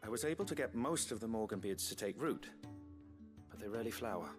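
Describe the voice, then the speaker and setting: An actor playing a fussy, earnest botanist in a game who speaks in a wordy, formal way. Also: male voice, on the low side, lively intonation, fast, over music, lightly acted.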